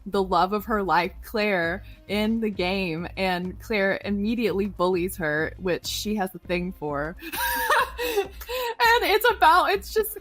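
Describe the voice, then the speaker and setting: A woman's voice: mid-range voice, lively intonation, takes it slowly, fairly bright tone, faint music behind. A woman voice actress talking as a guest in a casual interview, bubbly and gushing, often saying "like". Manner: bubbly, gushing, heavy use of "like".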